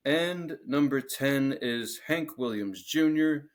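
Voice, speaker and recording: A man's voice: medium pitch, animated, unhurried, fairly bright tone. A man co-hosting a podcast in casual chat, joking crudely as he reads out a song list. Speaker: podcast co-host.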